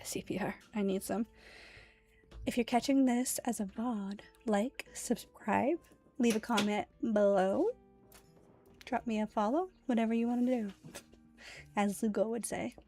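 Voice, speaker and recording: A chatty woman streamer with a somewhat high voice, talking casually into a desk mic while she plays. She reads game lines aloud and laughs often, and faint music plays behind her. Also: fairly even intonation, measured pace, long pauses, dark tone. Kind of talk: casual gaming stream chat.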